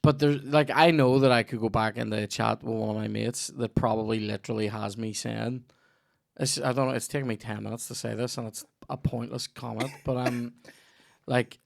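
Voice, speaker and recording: A man's voice: medium pitch, fairly even intonation, normal speed, vocal fry, dry recording, studio quality. A young man hosting a casual comedy podcast, sweary and rambling, often trailing off mid-thought. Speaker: podcast host.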